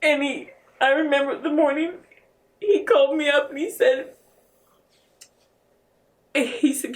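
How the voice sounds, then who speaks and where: A woman guest telling a painful personal story in a podcast interview, halting and earnest, often restarting her sentences. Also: sits high, far from the mic. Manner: earnest and emotional.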